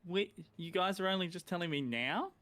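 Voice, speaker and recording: A man's voice: sits high, expressive, a little fast, fairly bright tone. A man playing a tabletop game, talking casually and joking with the others. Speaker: player.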